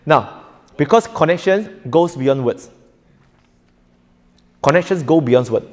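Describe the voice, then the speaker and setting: Man, fairly high voice, joking lecturer, quizzes crowd, long hall reverb. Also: animated, a little slow, long pauses. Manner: jokey, quizzes the audience, laughs often. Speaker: preacher teaching a workshop. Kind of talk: interactive lecture. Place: hall with a live audience.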